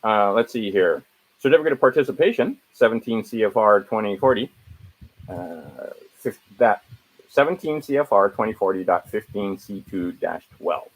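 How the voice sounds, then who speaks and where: A man with a fairly low voice talks viewers through paperwork on his screen in a loose, unscripted way. He rambles and corrects himself as he goes, reeling off section numbers and legal citations. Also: lively intonation, moderate pace, slightly rough, rough recording. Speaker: video host. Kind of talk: casual screen-share walkthrough.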